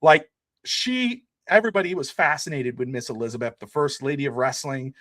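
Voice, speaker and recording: A man's voice: medium pitch, a little fast, fairly bright tone, no room sound, clean studio sound. A man co-hosting a podcast in casual sports chat, rambling with lots of filler words. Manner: rambling, many "you know" fillers. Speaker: podcast co-host.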